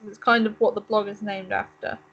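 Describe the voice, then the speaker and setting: A woman's voice: medium pitch, level tone, a little fast, vocal fry, fairly bright tone, highs cut off. A woman co-hosting a let's play, chatting and musing aloud as she reads game text. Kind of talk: casual gaming commentary.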